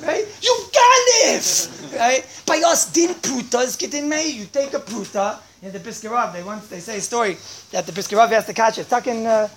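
A woman giving an informal class, talking animatedly, constantly checking in with her listeners and bursting into loud exclamations. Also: fairly high pitch, a little fast. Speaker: teacher. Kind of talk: informal class talk to students.

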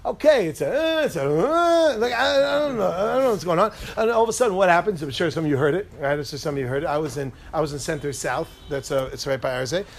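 Rambling joking man with a lightly raised pitch. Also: fast, vocal fry, hardly any pauses, soft background music. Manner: rambling, self-interrupting, joking. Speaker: Torah teacher speaking to a group. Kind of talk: informal Torah talk with jokes.

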